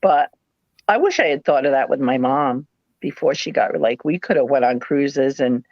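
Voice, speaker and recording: A middle-aged woman with a New England accent, telling rambling stories in a casual live chat. Her voice swings up and down in pitch as she slips into little put-on voices. The sound is dry and a bit dull, like a lo-fi stream. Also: moderate pace, no echo. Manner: rambling, animated storytelling with playful put-on voices. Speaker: live sale host, former nurse.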